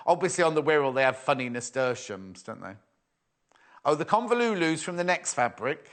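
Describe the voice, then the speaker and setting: A man hosting a live television sewing show, chatting playfully and reading viewers' messages aloud. His pitch sits a touch high for a man and swings widely, so his talk sounds animated and bouncy. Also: fairly quick. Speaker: shopping channel presenter. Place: TV studio.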